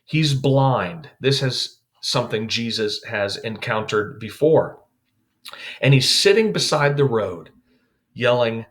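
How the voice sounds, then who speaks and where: A man, a youth pastor, teaching a Bible devotional in a calm, explanatory way with frequent "uh" fillers. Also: medium pitch, unhurried.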